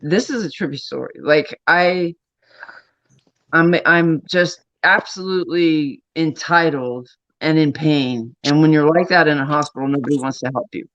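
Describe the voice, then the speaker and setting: A chatty man rambles through stories on his livestream, peppering them with casual swearing. His voice sits a little high for a man. The sound is dull and lo-fi, with a close, dry feel and no room echo. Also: normal speed, a bit bright. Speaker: streamer.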